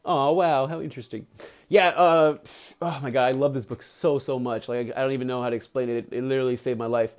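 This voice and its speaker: A man's voice: medium pitch, steady tone, quick pace. A man reading a book aloud on a live stream, stopping to correct himself and to chat and laugh with viewers. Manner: reads with self-corrections, chatty and giggly with viewers.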